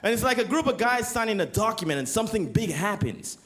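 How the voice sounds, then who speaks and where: Man, young adult, from Canada, stand-up comedian, deadpan setups, high voice. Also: quick pace.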